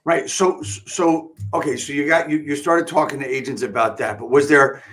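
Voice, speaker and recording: A man's voice: fairly high pitch, steady tone, normal speed, fairly bright tone. A man hosting an interview show, rambling and restarting his questions. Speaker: host. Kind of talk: casual interview chat.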